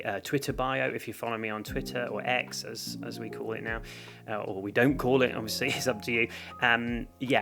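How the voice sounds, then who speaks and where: A man's voice: medium pitch, creaky. A man from London with an English accent hosts an art show in a rambling, self-mocking way full of jokey asides. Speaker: host. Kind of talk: casual scripted intro monologue. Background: guitar music.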